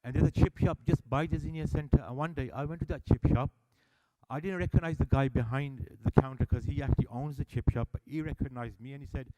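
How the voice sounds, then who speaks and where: Man, mid pitch, mellow tone; animated storytelling speech at a public meeting. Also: fast talker. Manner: animated storyteller, acts out dialogue. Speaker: service user speaker at annual meeting. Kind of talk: public speech telling stories. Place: meeting hall.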